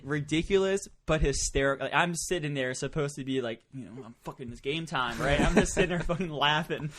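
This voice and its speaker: A podcast host tells stories in casual chat, swearing often and laughing as he goes in an animated way. His voice is on the high side and his pace brisk.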